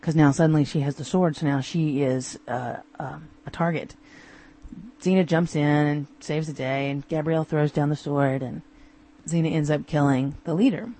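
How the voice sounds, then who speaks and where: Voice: medium pitch, fairly even intonation, moderate pace, warm tone. A podcast host recapping TV episodes in a casual, amused way, often acting out the characters' lines.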